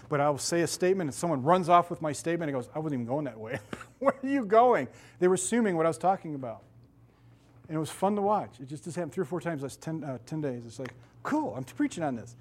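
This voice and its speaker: A middle-aged man preaching as a pastor, telling stories animatedly and acting out the voices of the people in them, laughing often. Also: a little high. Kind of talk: sermon.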